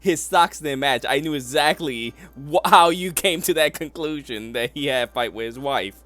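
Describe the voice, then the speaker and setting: A man co-hosts a relaxed conversation and reacts to his friend's stories with jokes and bursts of laughter. His voice sits slightly high, and his tone is easygoing. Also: normal speed. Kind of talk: casual chat.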